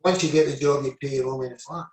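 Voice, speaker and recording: This former footballer from Scotland, in his seventies, fires off rambling stories in a casual interview, forever saying "I said" and "you know". His medium-pitched voice is steady and darkish, delivered rapid-fire. An echoey room and distant mic shape the recording.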